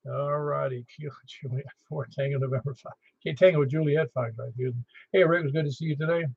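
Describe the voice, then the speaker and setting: A man's voice: fairly high pitch, steady tone, fast talker, gravelly, husky, dry recording. A man hosting a ham radio net in a chatty, easygoing way. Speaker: net control host. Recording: muffled radio audio.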